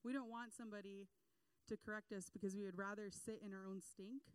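A young adult woman giving a casual sermon, animated, acting out quotes and laughing between points. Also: medium pitch, a little fast, smooth, dry recording, low-quality recording.

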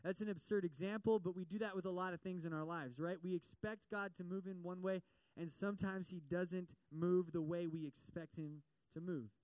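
A man's voice: high-pitched, moderate pace, clear, resonant tone, dry recording. A young man giving a casual, chatty sermon with a personal story, often asking the audience questions. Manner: chatty and animated, many fillers, asks the audience questions.

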